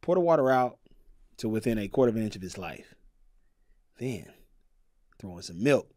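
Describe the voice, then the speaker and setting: A man's voice: fairly low pitch, moderate pace, no room sound, clean studio sound. Playful Southern man on a podcast. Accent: Southern American. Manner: animated, playful, gives a recipe step by step. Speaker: podcast co-host. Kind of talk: casual chat.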